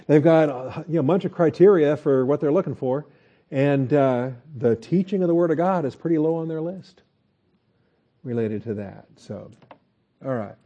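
A male pastor talks through the text in a loose, conversational way, full of "you know"s and small chuckles. His voice is very dark and mellow. The recording is muffled and lo-fi. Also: a little high, moderate pace. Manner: relaxed and folksy, with chuckles and many fillers. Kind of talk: conversational Bible teaching.

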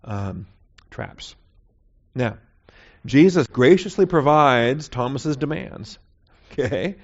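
A man with a mid-range voice teaches a Bible class in a conversational sermon-lecture style, often checking in with "okay?" The sound is lo-fi.

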